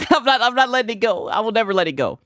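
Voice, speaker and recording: A man's voice: very high voice, sing-song, a little fast, pushed and bright, no echo, clean studio sound. A young man ranting in casual commentary, rambling and profane, tagging nearly every line with "right?". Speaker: streamer.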